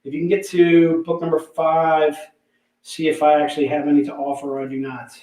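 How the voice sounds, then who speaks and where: A man hosting a casual livestream sales pitch, chatty, repeating prices and item numbers, calling viewers "dude". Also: flat delivery, fairly quick, mellow, roomy sound, low-quality recording.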